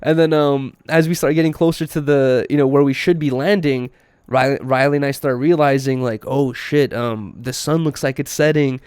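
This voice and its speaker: A young man, a podcast host, telling a story in casual chat, animated, laughing often and acting out quotes. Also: medium pitch, normal speed, smooth, no echo, studio quality.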